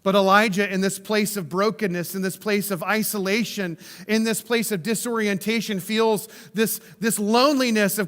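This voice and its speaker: A man's voice: high voice, steady tone, moderate pace, a bit bright, long reverb tail. A man preaching a sermon in a conversational way, often checking in with the listeners. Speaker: pastor.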